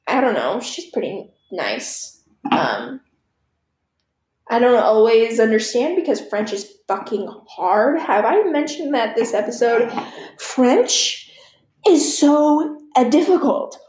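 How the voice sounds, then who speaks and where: This is casual solo chatter from a teen girl whose fairly high voice carries a darkish tone. She meanders, swears, and breaks into laughing asides, all recorded in a room with noticeable echo.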